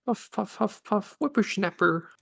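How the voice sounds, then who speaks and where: A man's voice: fairly high pitch, animated, slow, gravelly, a bit bright, heavily acted. A man voicing a cranky old woman guard, wheezing and huffing between words while reading game dialogue aloud. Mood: breathless.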